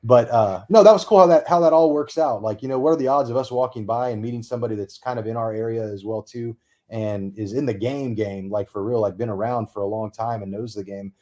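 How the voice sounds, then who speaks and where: A man in easygoing podcast chat, speaking at a middle pitch. He rambles and strings thoughts together with filler words, often trailing off mid-sentence. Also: brisk, mellow. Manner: loose, rambling, many fillers like "like". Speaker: podcast co-host. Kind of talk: casual chat.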